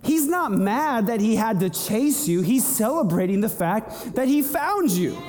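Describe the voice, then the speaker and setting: Long hall reverb surrounds this young man's preaching, delivered in a high, light voice. He's animated throughout, staging little scenes and quickly switching into different voices.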